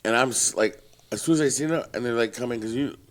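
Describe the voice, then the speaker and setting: A man's voice: mid-range voice, fast talker. A man and former bouncer telling blunt, profane stories in casual podcast chat. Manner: blunt, profane, tells tough-guy stories.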